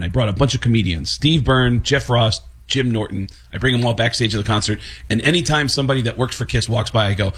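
A man's voice: mid-range voice, a little fast, slight background noise. A man, a voice impressionist on a talk show, telling stories casually and sliding into character voices. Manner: animated, slips into character voices mid-story. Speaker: voice impressionist guest.

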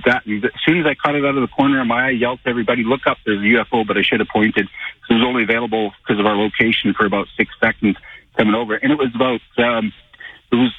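A man from Canada calling in to a radio talk show, telling a long, halting story. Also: medium pitch, breathy edge, no room sound. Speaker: caller. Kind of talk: phone-in call. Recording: tinny distant phone line.

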